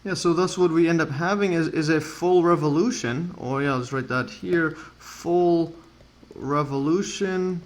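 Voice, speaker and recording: A man's voice: fairly high pitch, normal speed, few pauses. A man tutoring calculus as he works through a problem on a board, thinking aloud with frequent fillers and self-corrections. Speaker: math tutor. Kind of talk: whiteboard math lesson.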